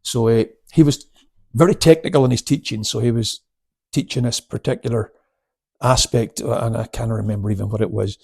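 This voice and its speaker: An older man in his seventies who chats and laughs his way through stories. His voice is gravelly and husky, with many restarts and fillers. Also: medium pitch, fairly even intonation, a little fast, darkish tone. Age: 70s. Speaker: guest, karate instructor. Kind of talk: casual storytelling interview.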